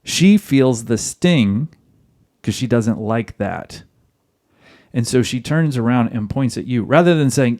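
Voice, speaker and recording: A man's voice: medium pitch, expressive, slow pace, a little mellow. A man hosting a podcast, giving marriage advice in a direct, lecturing monologue aimed at other men. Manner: direct, lecturing, addresses listeners as guys.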